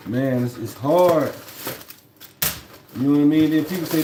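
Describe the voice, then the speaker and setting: A man's voice: on the high side, animated, moderate pace, a little mellow. Man, casual livestream, rambling and reflective, roomy room, faint hiss behind. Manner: rambling, reflective, repeats "you know what I mean". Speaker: truck driver livestreaming. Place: at home, indoors.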